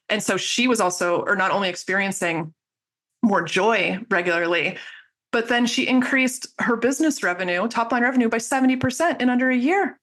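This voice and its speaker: A woman's voice: medium pitch, brisk, a bit bright. A woman guest on a podcast, talking with passion and enthusiasm about her coaching work and business growth. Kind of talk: casual interview talk.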